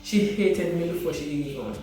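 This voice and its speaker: A woman's voice: sits low, expressive, moderate pace, dark tone, very echoey, far from the mic, soft background music, poor audio. A woman in her thirties with a Jamaican accent, telling a personal story to her viewers in an earnest, emotional way, sitting in a small room at home. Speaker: vlogger. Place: small hot library room at home, indoors.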